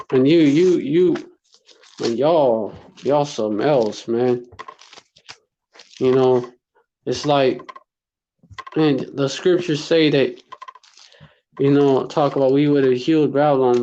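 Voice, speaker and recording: A man's voice: mid-range voice, mellow, muffled recording, a little hiss or hum. A man teaching casually from scripture, reading verses aloud and breaking into loose slang between them.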